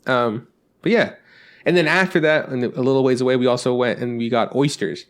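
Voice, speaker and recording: Fast-talking man telling rambling stories. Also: medium pitch, fairly bright tone. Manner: rambling anecdotes with acted-out quotes, swears freely. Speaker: podcast co-host. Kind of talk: casual storytelling chat.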